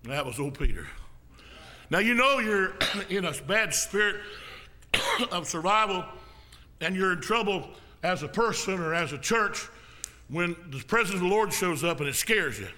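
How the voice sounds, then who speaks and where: A man preaching as an evangelist in a folksy style, now and then rising to a shout and coughing. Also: high-pitched, expressive, normal speed. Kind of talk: sermon.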